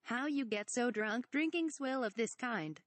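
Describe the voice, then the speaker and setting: A woman's voice: on the high side, a little slow, no room sound, close to an everyday voice. A woman voicing a small, mischievous old male swamp creature who talks with his word order inverted, read from a parody script. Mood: teasing. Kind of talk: reading a fan parody script aloud.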